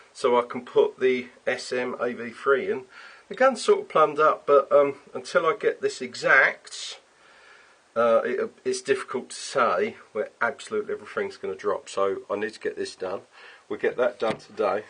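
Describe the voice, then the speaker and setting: A man's voice: medium pitch, sharp tone, breathy edge, poor audio. A man chatting casually while he works in his home garage workshop, explaining each step and swearing now and then. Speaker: workshop maker.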